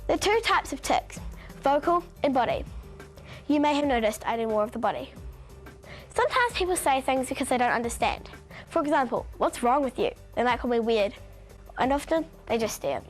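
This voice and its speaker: A woman's voice: high voice, animated, fairly quick, soft background music. A young teenage girl from New Zealand, shy and hesitant, speaking with many fillers. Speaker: schoolgirl with Tourette's.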